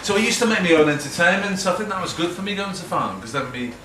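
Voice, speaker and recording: A man's voice: high voice, animated, rapid-fire, bright, forceful tone. Middle-aged Liverpool man, self-mocking storyteller at a talk; recorded far off in a reverberant hall with background noise. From Liverpool, England. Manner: chatty, self-mocking, acts out quotes, laughs often. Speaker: guest speaker. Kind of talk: rambling anecdotal talk to an audience. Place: event hall with a live audience.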